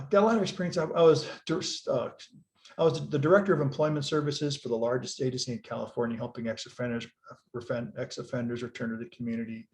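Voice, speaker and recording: Middle-aged man, public speaking instructor, video call lecture, animated, conversational, restarts sentences. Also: mid-range voice. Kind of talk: online class lecture.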